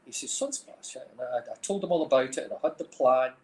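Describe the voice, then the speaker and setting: Rapid-fire and medium-pitched, a middle-aged Scottish man with a Dundee accent rambles through stories, sprinkling in "like, you know". He's a film director and music manager appearing as an interview guest in a casual chat, recorded with a roomy echo.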